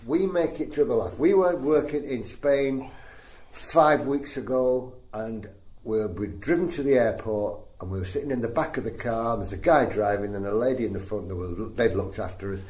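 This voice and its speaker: An older man, a comedian guest, telling stories in an animated, laughing way during an interview. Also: medium pitch. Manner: animated storyteller, breaks into laughter. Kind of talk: anecdotal interview chat. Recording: echoey room, faint noise.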